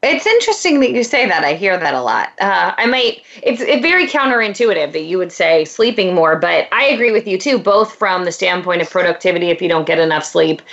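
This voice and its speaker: A woman hosting a casual interview, chatty and quick to laugh. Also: lowish voice, animated, vocal fry, fairly bright tone. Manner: chatty, with frequent laughs and fillers. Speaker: host. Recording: dull lo-fi sound.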